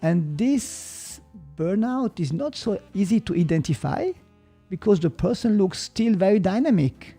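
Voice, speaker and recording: A man with a Swiss German accent, a podcast guest who explains calmly and hesitantly and sometimes searches for English words. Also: sits high, measured pace, faint music behind. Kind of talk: reflective podcast conversation.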